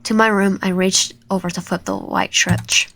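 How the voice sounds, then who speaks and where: A woman's voice: mid-range voice, level tone, normal speed, very noisy. A woman reading a horror visual novel aloud, voicing the heroine's fear expressively. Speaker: gamer. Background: game music.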